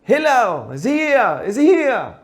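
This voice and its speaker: A man voicing a brash, impatient man who shouts insistent questions. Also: very high voice, huge pitch swings, unhurried, pitched above the performer's own voice, exaggerated voice. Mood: yelling.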